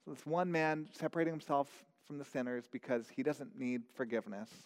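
A man's voice: mid-range voice, a little fast, in a large hall. A man preaching a sermon in an earnest, questioning way, often repeating his words as he goes. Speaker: pastor.

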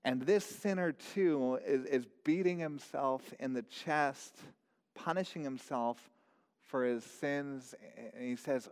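A man's voice: medium pitch, slow pace, clear, resonant tone. Male pastor preaching, earnest and searching, with a long hall reverb on the voice. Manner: earnest, repeats words, asks searching questions. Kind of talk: sermon.

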